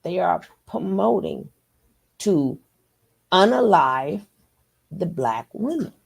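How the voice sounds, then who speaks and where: A woman's voice: lowish voice, sing-song, slow pace, gravelly, slightly rough. A woman hosting a reaction channel, giving emphatic, conversational commentary.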